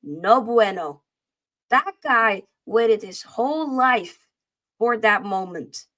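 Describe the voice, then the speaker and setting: A woman's voice: a little high, lively intonation, takes it slowly, a bit bright. A woman co-hosting a casual football chat show, talking in a playful, trash-talking way full of slang. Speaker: podcast co-host.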